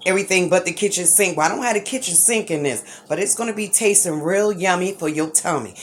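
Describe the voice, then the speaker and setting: A woman's voice: on the low side, slight background noise. Chatty folksy woman cooking at home. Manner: chatty, folksy, says "right?" and "okay?" often; talks fast at times, laughs easily. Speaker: cooking channel host. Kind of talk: casual cooking demonstration. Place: home kitchen.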